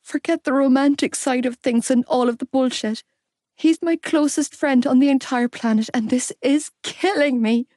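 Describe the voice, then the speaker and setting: A woman's voice: sits high, normal speed, a little mellow, dry recording, voice pushed up, close to an everyday voice. A woman voicing a heartbroken, fiercely loyal young woman close to tears in an audiobook. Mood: anguished. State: crying.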